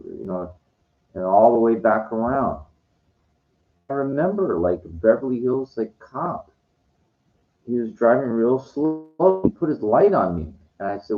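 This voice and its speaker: A man's voice: mid-range voice, lively intonation, a little slow. A man talking in a meandering, profane vlog monologue, full of "you know" and "like". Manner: meandering, profane, heavy with fillers. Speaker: vlogger. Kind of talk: rambling monologue. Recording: dull lo-fi sound.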